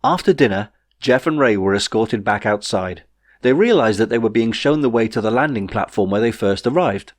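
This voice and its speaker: A man narrating his own novel in a wry, measured storytelling way. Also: on the low side, lively intonation, no echo, studio quality. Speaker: author reading his novel. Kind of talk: audiobook narration.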